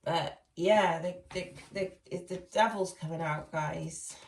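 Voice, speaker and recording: A woman's voice: fairly low pitch, fairly even intonation, takes it slowly. A woman doing a casual tarot reading, chatty and laughing often as she talks to her viewers. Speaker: tarot reader. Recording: echoey room, far from mic.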